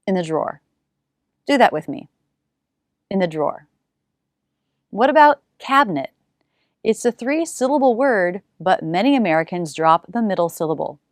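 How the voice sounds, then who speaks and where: A woman leads a pronunciation lesson, her voice pitched in a middle range. She repeats single sounds and words slowly with exaggerated care. The sound is dry and close, with no room around her. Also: lively intonation, dry recording. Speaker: pronunciation teacher.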